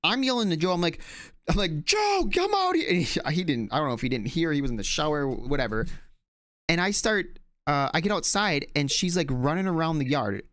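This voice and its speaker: A man's voice: fairly high pitch, lively intonation, brisk, a bit bright, no echo. Guy rambling thru a story on a podcast, lots of um and like, cursing, dead dry mic. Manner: rambling, many fillers and restarts, swears freely. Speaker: podcast co-host. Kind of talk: casual storytelling chat.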